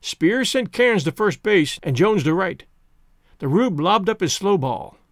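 Expressive man reading an audiobook. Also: high-pitched, measured pace, dry recording, clean studio sound. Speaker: audiobook narrator. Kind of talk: scripted first-person narration.

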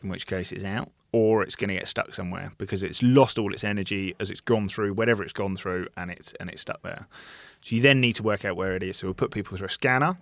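Male surgeon, quick explainer, plain words, dry close mic. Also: low-pitched, vocal fry, dry recording. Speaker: surgeon guest. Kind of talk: casual explanation.

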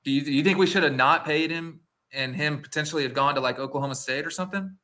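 A man's voice: fairly high pitch, quick pace, pushed and bright. A man co-hosting a sports podcast in casual chat, rambling with lots of "like" and restarts. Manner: rambling, heavy use of "like", restarts mid-sentence. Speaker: podcast co-host.

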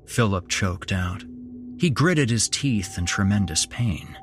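A man narrating a horror story in a slow, measured storytelling manner as podcast host. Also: lowish voice, expressive, slight background noise.

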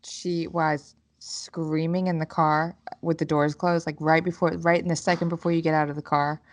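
A woman's voice: sits low, flat delivery, normal speed, slight background noise. A woman co-hosting a podcast in casual chat, telling parenting stories candidly and swearing freely. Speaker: podcast co-host.

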